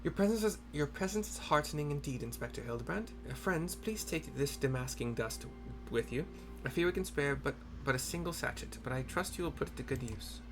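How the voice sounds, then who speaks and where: A man's voice: fairly high pitch, animated, brisk, over music. A man voicing an earnest, anxious noblewoman speaking in formal, urgent phrases.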